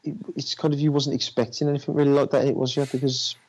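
A man's voice: medium pitch, level tone, fast talker, darkish tone, slightly rough. A man in casual chat about films, talking hesitantly with many fillers and restarts. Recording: dull lo-fi audio.

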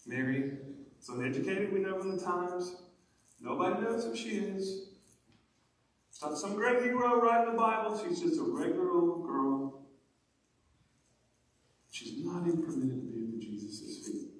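High-voiced pastor preaching, really echoey church, mic kinda far off. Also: male voice, moderate pace, pauses often. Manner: animated, rising to emphatic preaching. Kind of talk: sermon.

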